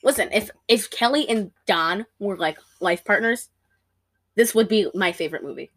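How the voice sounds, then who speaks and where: A woman chatting casually about a movie she just watched, animated and giggly, often breaking into character voices. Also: mid-range voice, normal speed. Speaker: podcast co-host. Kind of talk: casual movie review chat.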